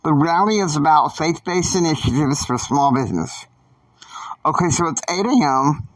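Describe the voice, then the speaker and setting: A man narrating an improvised family saga in a halting, rambling way, full of fillers, recorded dry from a distant mic. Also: a little high, no echo. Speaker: storyteller.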